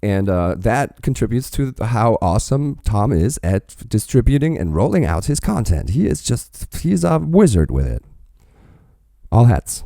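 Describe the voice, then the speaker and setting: A man hosting a reaction video, talking in a rambling, profane, animated way about a song. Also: medium pitch, unhurried, creaky, dry recording, studio quality. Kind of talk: casual reaction commentary.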